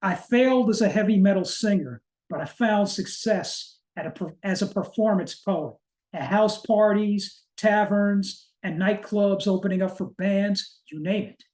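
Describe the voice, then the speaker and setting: A man's voice: sits high, measured pace, darkish tone, echoey room. A man interviewed as a poet guest, speaking earnestly with blunt, dry profanity. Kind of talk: interview conversation.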